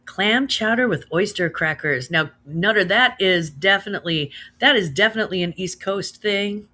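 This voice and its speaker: Bright-voiced midwestern lady hosting a chill livestream, chatty and laughing a lot. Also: medium pitch, animated, normal speed. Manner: chatty, laughs often, says girl and slaps. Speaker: livestream host reading chat. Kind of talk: casual chat.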